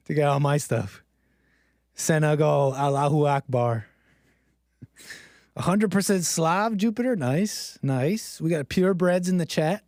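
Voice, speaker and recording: A man's voice: on the high side, darkish tone, no echo, studio quality. A man hosting a livestream, joking and self-mocking as he talks to his chat. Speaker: streamer host. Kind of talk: casual livestream monologue.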